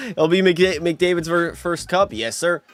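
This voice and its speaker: Chatty, teasing young man, slightly high voice. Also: lively intonation, a little slow, soft background music. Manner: chatty, teasing, banters with chat. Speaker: streamer playing a hockey video game. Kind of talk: casual live-stream commentary, chatting with viewers.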